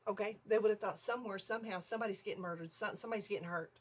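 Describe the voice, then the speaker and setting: A middle-aged woman, telling an animated story on her vlog, laughing often and acting out her own screams. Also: mid-range voice, very fast, breathy edge. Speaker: vlogger.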